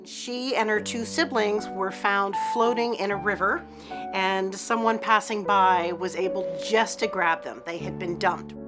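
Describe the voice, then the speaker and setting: A woman's voice: medium pitch, a little slow. A woman who directs an animal rescue, explaining its work steadily in an interview. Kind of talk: interview talk. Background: music.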